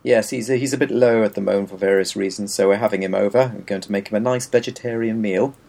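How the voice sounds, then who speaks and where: Wry deadpan man chatting. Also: lowish voice, quick pace, vocal fry. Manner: wry, deadpan storytelling with mock-formal phrasing. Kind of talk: casual chat.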